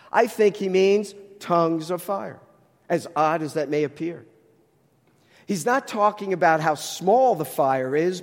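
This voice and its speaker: A man with a New Jersey accent delivers a teaching sermon, working through the text and posing rhetorical questions. His voice sits high for a man. The sound carries the long reverb of a large hall. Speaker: Bible teacher.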